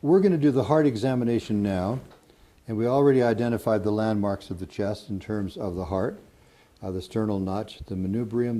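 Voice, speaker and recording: Older man, low mellow voice, calm clinical teacher pausing with fillers. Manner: calm explanatory, frequent uh fillers. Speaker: instructor.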